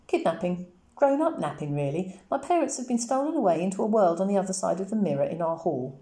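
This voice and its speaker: Lady putting on a brave little girl, high earnest voice, mellow tone, echoey room. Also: lively intonation, fast talker, lightly acted. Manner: earnest, trying to sound grown-up. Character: brave determined young girl. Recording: roomy echoey recording.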